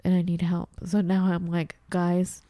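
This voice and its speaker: A woman's voice: fairly low pitch, normal speed, no room sound. A woman co-hosting a podcast, chatting casually and acting out her own puzzled voice. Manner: animated, acts out her own confused voice. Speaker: podcast co-host. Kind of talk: casual chat. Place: at home.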